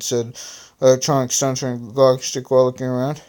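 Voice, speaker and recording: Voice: medium pitch, little pitch movement, a little fast, dark tone. A person reading their own story aloud, stumbling and correcting themselves, with joking asides along the way. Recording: phone screen recording.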